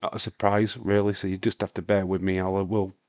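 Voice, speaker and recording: A man, hoarse with a breaking voice, hosting a live stream in a casual, rambling chat while answering viewer comments. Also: deep voice, flat delivery, brisk, darkish tone, dry recording. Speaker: wrestling stream host.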